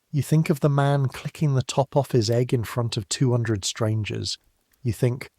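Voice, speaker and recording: A man narrating a scripted bedtime history story in the second person, slow, soft and unhurried, with hushed asides. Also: mid-range voice, no echo, studio quality.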